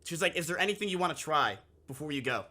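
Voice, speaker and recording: A man's voice: a little high, expressive, quick pace, bright, forceful tone. A young man streamer telling a story casually to his live chat, swearing freely and acting out both sides of the conversation.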